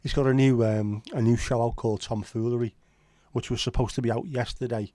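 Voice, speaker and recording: A man's voice: medium pitch, steady tone, a little fast, mellow, no room sound. A man with a Liverpool accent hosting a casual livestream chat, rambling and opinionated with frequent swearing. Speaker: livestream host.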